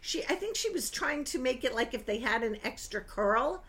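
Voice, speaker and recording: Older woman, film reviewer, casual and gossipy, fairly high pitched, quick to exclaim. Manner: animated, gossipy, swings into high exclaiming bursts.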